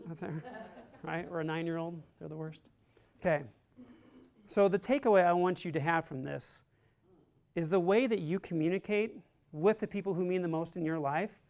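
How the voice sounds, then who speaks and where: This army resilience instructor's voice is somewhat high yet darkish in tone. He lectures his class casually, weaving in a personal story, saying "like" constantly, and coming off as earnest and encouraging.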